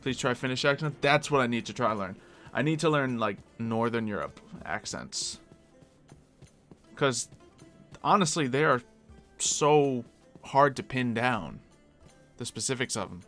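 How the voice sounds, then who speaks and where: American male streamer, casual and talkative, bright tone, faint music under him. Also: mid-range voice, lively intonation, measured pace, long pauses. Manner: chatty, answers chat requests aloud. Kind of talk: casual live-stream chat. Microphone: desk mic.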